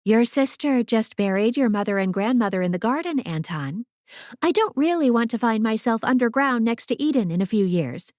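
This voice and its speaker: Brief: woman voicing a firm, sharp-tongued mother, a bit higher, audiobook. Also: animated, moderate pace, no room sound, studio quality, lightly acted. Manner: firm and pointed.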